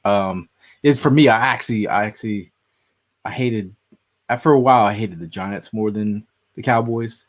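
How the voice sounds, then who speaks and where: A man with a fairly low voice chats on a casual sports podcast. He rambles in an easygoing way and fills his pauses with "uh". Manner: rambling, filler-heavy, easygoing. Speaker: podcast co-host.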